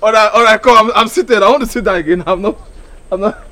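A man's voice: sits high, quick pace, pushed and bright, no echo. An actor playing an eager man wooing a woman, coaxing and stammering, with Nigerian Pidgin in his speech.

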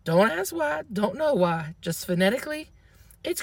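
A woman's voice: on the high side, very animated, moderate pace, vocal fry, dry recording. Chatty woman with a dry close sound. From American South. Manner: chatty, opinionated and playful. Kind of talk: casual chat.

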